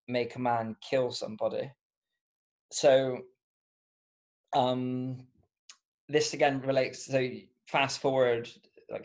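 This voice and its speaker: A man's voice: mid-range voice, creaky. A man from Bristol with a Bristolian accent, chatting as a podcast guest in a mid-range voice. He muses aloud in a loose, rambling way, stopping and restarting often and leaning on "um" and "like" while he works out his point. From Bristol, England. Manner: thoughtful, rambling, halting with many fillers and restarts. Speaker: podcast guest, comedian and author. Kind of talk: casual interview chat.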